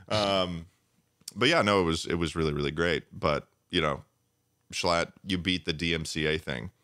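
Young male podcast co-host, low, dry-miked, animated storyteller. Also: measured pace, long pauses, no room sound. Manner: animated storytelling, jumps high for excited voices; laughs often. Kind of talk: casual chat.

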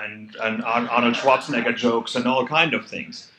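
A man's voice: mid-range voice, moderate pace, a crowd in the background. German-accented man giving an echoey talk. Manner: earnest, conversational, animated emphasis. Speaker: conference speaker. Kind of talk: conference talk. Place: hall at a hackday event.

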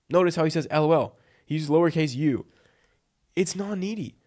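A freelance copywriting coach gives blunt, emphatic advice in a casual vlog, his voice a little high and a little mellow, his pace brisk. He keeps peppering his speech with "like" and "right?"

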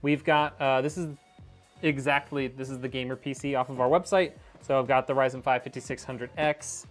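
A man's voice: mid-range voice, fairly even intonation, normal speed, soft background music. A man rambling casually to his viewers while building a PC, a little out of breath, talking on a wireless mic. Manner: rambling, chatty, talks to viewers as y'all. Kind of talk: casual live-stream chat. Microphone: wireless clip-on mic.

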